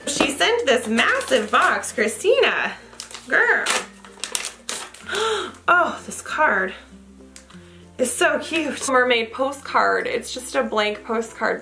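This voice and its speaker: A young adult woman vlogger opening fan mail in a gushing, excitable chat, often laughing. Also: fairly high pitch. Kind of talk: casual unboxing chat.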